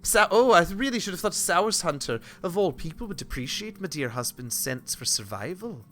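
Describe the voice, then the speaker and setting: A haughty widowed noblewoman, as a man puts her on for a video game, answering accusations in an aloof, theatrical northern English lilt that drifts toward Irish. The voice sits high and bright, with faint game music playing behind. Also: big pitch swings, fairly quick. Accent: put-on northern English, slipping into Irish.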